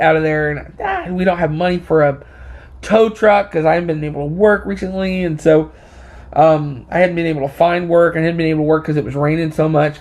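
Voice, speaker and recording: A man with a slightly raised pitch tells a casual story in a loose, rambling way. He stumbles over restarts and leans on fillers. He sounds a little short of breath. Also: a little mellow. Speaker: vlogger.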